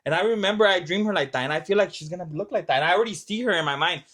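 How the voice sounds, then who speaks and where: A young man speaks quickly, with a voice pitched a little high for a man. He chats loosely and keeps the stories rolling, filling them with fillers and swearing. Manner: animated storytelling, lots of fillers and swearing. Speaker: vlog host. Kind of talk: casual chat.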